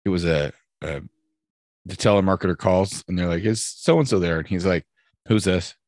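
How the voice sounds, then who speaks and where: Man, very deep voice, dry close sound, crude animated podcast chat. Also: normal speed, dry recording. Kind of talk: casual chat.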